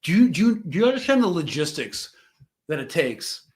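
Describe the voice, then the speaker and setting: Talking over news clips on a live stream, this young host rambles loosely in casual commentary. His voice is a little high for a man, very animated and brisk, and he thinks aloud with fillers, trailing off and restarting sentences.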